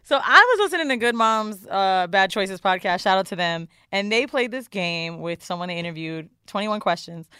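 A woman's voice: medium pitch, animated, moderate pace, few pauses, bright, forceful tone, clean tone, no room sound. A woman co-hosting a podcast, teasing her co-host in casual, profane banter. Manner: profane, teasing, laid-back.

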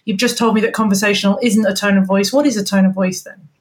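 A woman's voice: medium pitch, fairly even intonation, quick pace. A woman hosting a podcast who chats and asks questions, stumbling over words now and then. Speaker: podcast host. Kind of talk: casual interview chat.

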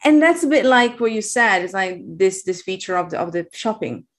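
A woman with an Italian accent, co-hosting a casual podcast chat and talking in animated, exasperated asides. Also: mid-range voice, moderate pace. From Italy. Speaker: podcast co-host.

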